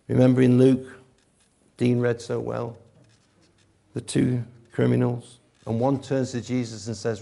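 A man preaching an Easter sermon, emphatic and swinging between loud and hushed delivery. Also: mid-range voice, vocal fry. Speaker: pastor.

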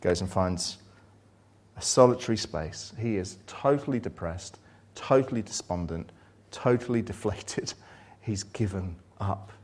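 Guy preaching a sermon, kinda low voice, gets loud and excited then drops to almost a whisper. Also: unhurried. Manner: dramatic, swings from loud excited to hushed low.

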